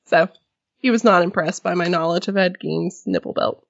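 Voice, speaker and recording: A woman's voice: fairly low pitch, moderate pace, vocal fry, lo-fi sound. A woman co-hosting a podcast in casual chat, telling stories animatedly and acting out quotes. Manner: animated storytelling, acts out quotes, gasps. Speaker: podcast co-host.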